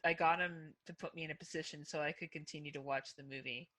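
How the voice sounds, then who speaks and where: A woman's voice: low voice, fairly even intonation, fast talker, bright, forceful tone. A young adult woman co-hosting a podcast, talking bluntly and laughing often in casual chat. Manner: blunt, profane and frequently laughing. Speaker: podcast co-host.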